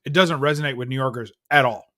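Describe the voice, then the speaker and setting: A man's voice: medium pitch, fast talker, sharp tone. A man from New York on a video call panel, making dry, wry remarks in an easygoing chat. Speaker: panel guest. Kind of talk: casual chat.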